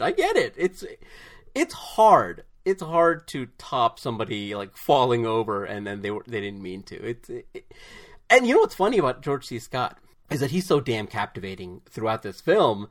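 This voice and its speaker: A man co-hosting a podcast in casual chat, animated and giggly as he retells comedy. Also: medium pitch, normal speed. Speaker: podcast co-host. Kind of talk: casual chat about films.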